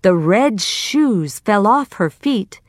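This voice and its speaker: Very slow, expressive woman storyteller. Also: mid-range voice, no room sound, clean studio sound. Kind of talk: storybook narration for learners.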